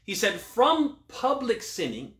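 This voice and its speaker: A male imam giving a religious question-and-answer talk, asking rhetorical questions, then answering them, and quoting Arabic scripture quickly. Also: high voice, huge pitch swings, a bit bright. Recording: echoey room.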